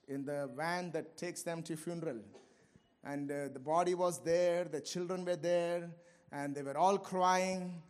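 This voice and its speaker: High-voiced impassioned male preacher. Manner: impassioned, swings between shouting and low asides, laughs often. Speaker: pastor. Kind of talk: sermon.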